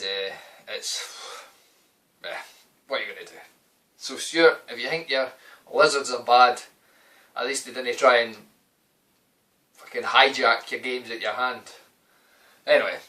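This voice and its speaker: A young Scottish man rambles through a story with plenty of swearing and a loose, chatty delivery. His voice is bright and forward. He sits back from the microphone, so the sound is a little distant. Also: mid-range voice. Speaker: vlogger. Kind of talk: casual storytelling to camera.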